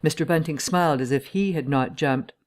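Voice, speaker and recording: A woman reading a classic novel aloud as an audiobook narrator, in measured storytelling. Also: low-pitched, a little mellow. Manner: measured storytelling, shifts voice for each character. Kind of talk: scripted narration.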